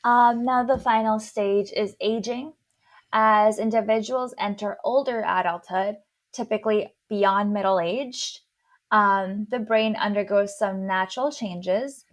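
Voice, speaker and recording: A woman's voice: mid-range voice, fairly even intonation, a little slow. Woman with a slight lisp explaining. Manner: explains carefully, stumbling and restarting on long words. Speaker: podcast host. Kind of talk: casual explanatory chat.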